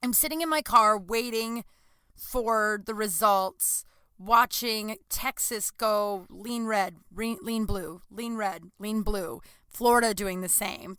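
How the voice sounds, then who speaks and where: A woman's voice: medium pitch, slow pace, clean tone, no echo. A young adult woman hosting a casual solo podcast, rambling and swearing freely as she tells stories. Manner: rambling, profane, animated storytelling with frequent laughs. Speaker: podcast host.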